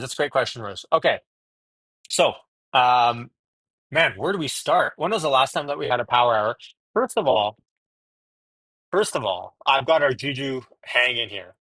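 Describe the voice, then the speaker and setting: A man hosts a relaxed live stream from home and rattles off viewer greetings in a friendly, chatty way. His voice sits in a middle pitch. The sound is dry and close, picked up by earbuds. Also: dry recording. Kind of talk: casual live stream chat. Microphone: wireless earbuds.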